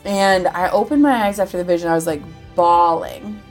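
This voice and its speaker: This Minnesota woman guests on an interview podcast, chatting casually, leaning often on "like," and acting out conversations she quotes. Her voice sits on the low side at a moderate pace, with soft music playing in the background.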